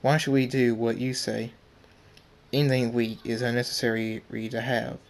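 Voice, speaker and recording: A man voicing a cold, arrogant male pony fighter in a flat, scornful tone. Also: mid-range voice, moderate pace, close to an everyday voice.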